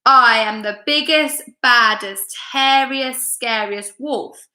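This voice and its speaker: A woman voicing a boastful big bad male wolf in a children's storybook, drawing out each word slowly. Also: fairly high pitch, bright, forceful tone, heavily acted. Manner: boastful, slow and drawn out. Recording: echoey room.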